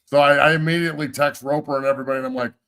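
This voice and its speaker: With a fairly high, steady voice that's very fast, fairly bright, clear and resonant, this middle-aged man coaches football and hosts a podcast. He spins blunt, profanity-laced stories in casual conversation and gives heartfelt praise.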